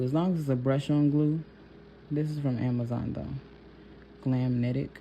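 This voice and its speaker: A woman's voice: rumbling low, level tone, a little slow, dull audio, slight background noise. A young woman nail technician telling a personal story in a chatty, laughing vlog style, talking to viewers as y'all.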